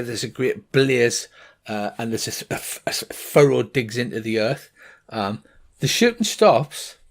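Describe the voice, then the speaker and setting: A middle-aged man runs a tabletop game, describing the scene in a mid-range voice. He pauses often, filling gaps with ums and uhs. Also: mid-range voice. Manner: halting, full of ums and uhs. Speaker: game master.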